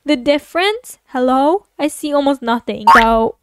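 A woman's voice: high-pitched, animated, normal speed, fairly bright tone, no echo, clean studio sound. A teenage girl chatting casually over her building game, tired, rambling and self-mocking. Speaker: gaming YouTuber. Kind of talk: casual gameplay commentary.

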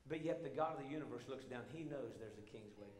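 A man preaching a sermon as pastor, swinging between emphatic shouting and hushed intimate tones, full of repeated rhetorical questions. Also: medium pitch, quick pace. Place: church sanctuary. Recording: echoey hall with long reverb.

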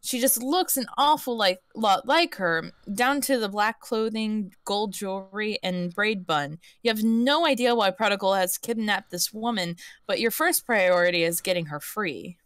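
A woman's voice: medium pitch, normal speed, few pauses, fairly bright tone, dry recording. Woman cohost on a stream, kinda hesitant and giggly, dry close mic. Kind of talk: casual chat and reading.

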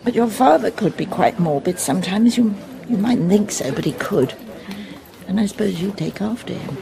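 A woman's voice: mid-range voice, expressive, normal speed, gravelly, crowd noise. A breezy, fussing mother. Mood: fond. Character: Mrs Conway, middle-aged mother, gushing and fond. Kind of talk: radio play acting.

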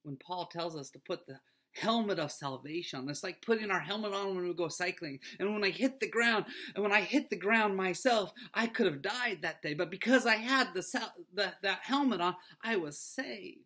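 Speaking at a moderate pace in a high-sitting voice, a middle-aged man who serves as a school pastor leads a devotional talk for children. His manner is gentle and earnest, frequently sinking almost to a whisper.

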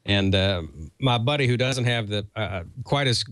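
A man's voice: mid-range voice, moderate pace, fairly bright tone, no echo. Folksy male co-host, dry close sound. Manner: folksy storytelling, chuckles often. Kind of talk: casual chat on a ham radio show.

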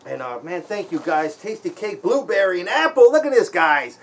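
Unboxing a gift on his casual vlog, this Baltimore, Maryland man sounds thrilled and thankful, his high voice moving at a moderate pace. "Man" and "guys" come up again and again, and he slips into a sincere spoken prayer.

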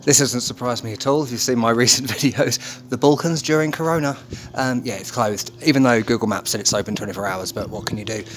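A man's voice: medium pitch, fast talker, hardly any pauses, a little hiss or hum. Chatty man vlogging on a phone. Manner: chatty, upbeat, frequent ums and laughs. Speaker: travel vlogger. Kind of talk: casual travel vlog narration. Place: outdoors and in a restaurant, on the move. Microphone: phone held in hand.

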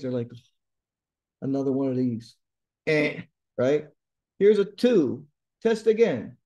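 A man's voice: on the high side, mellow. A middle-aged man tutoring test-takers, giving blunt, emphatic advice and repeating his key points. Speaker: TOEFL tutor. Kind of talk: direct advice lesson to viewers.

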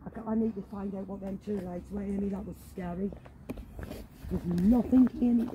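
A woman ghost hunting outdoors in a cemetery at night, talking into a handheld camera in an excitable, frightened way and swearing often. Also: medium pitch, moderate pace, noisy background. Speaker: paranormal vlogger. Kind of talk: live ghost-hunting commentary.

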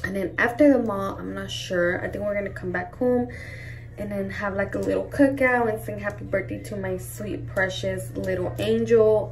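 A woman's voice: mid-range voice, gravelly, recorded from a distance. A young woman and mother vlogging in casual chat to camera, emotional and gushing, often saying "like" and "y'all". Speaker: mom vlogger.

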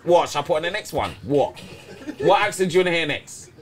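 Animated high-voiced man laughing. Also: brisk. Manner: loud, laughing, animated storytelling. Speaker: podcast co-host. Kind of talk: casual banter.

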